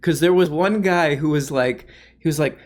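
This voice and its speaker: A man's voice: fairly high pitch, moderate pace, darkish tone. A man hosting a comedic commentary video, sarcastic and often laughing as he riffs on clips.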